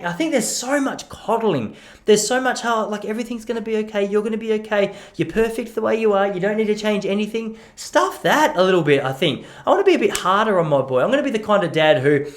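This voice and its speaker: A young Australian man hosts a podcast on his own, talking in a loose, chatty way. He pokes fun at himself and jumps into quick impressions of people in his stories. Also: fairly high pitch. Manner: chatty, self-mocking, acts out voices in quoted stories. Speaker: podcast host. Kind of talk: casual solo monologue.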